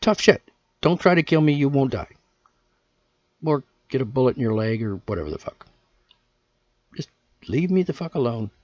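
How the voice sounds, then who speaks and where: A man's voice: medium pitch, lively intonation, moderate pace, pauses often, a little mellow, dry recording. A man hosting his own podcast, ranting in a profane, exasperated way. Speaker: podcast host. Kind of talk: casual solo rant. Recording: dull lo-fi dry recording.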